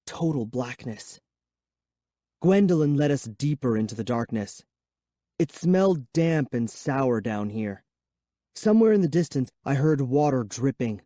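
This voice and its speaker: Slow, mellow male audiobook narrator. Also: medium pitch, sing-song, no echo, studio quality. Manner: measured, suspenseful reading. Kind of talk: first-person scripted narration of a children's horror book.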